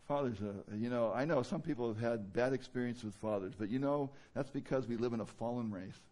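A pastor preaches conversationally, leaning on plenty of fillers, and now and then rises into loud, emphatic bursts. His voice is mid-range and brisk.

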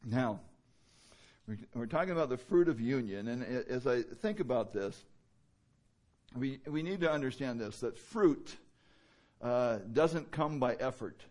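A man's voice: medium pitch, lively intonation, a little slow, long pauses, a little mellow. A man preaching a sermon in a conversational way, with many fillers and rhetorical questions. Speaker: pastor.

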